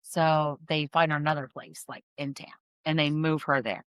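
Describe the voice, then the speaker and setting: A woman's voice: sits low, level tone, moderate pace, fairly bright tone, clean tone, no echo. A woman podcast host casually telling a true-crime story, chatty and full of fillers and restarts. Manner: chatty, filler-heavy, self-correcting storyteller. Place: in-person podcast studio.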